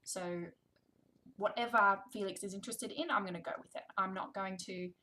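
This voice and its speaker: A woman's voice: medium pitch, normal speed, slight background noise. A woman, a speech therapist explaining how to read with a toddler. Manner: animated, exaggerated sound play with a child. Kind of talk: demonstrating book reading with a toddler.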